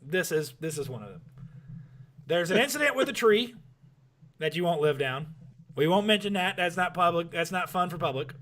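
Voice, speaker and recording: A man co-hosting a casual podcast chat, telling family stories with laughs and shouted punchlines. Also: fairly high pitch, animated, moderate pace, pauses often, slight background noise. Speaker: podcast co-host.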